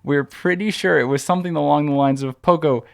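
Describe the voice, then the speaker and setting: A man's voice: fairly high pitch, fairly even intonation, quick pace, vocal fry, clean tone. A man co-hosting a podcast, telling a long anecdote in a casual, rambling way full of "like" and restarts. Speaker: podcast co-host. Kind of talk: casual storytelling chat.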